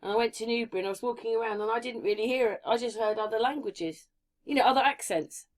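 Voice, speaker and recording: Woman host, casual, asks prompting questions, a bit high. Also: fast. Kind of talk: casual chat.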